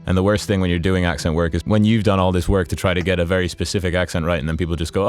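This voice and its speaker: Chatty man with a deep voice. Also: steady tone, very fast, hardly any pauses. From USA and Ireland. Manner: chatty, many fillers, laughs easily. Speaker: voice actor guest. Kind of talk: casual interview.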